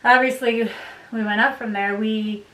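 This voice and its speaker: A woman vlogger chatting casually to the camera at home, upbeat and quick to laugh. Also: fairly high pitch, steady tone, pushed and bright. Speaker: vlogger, bride. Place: home room by a desk. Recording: roomy, distant mic with faint hiss.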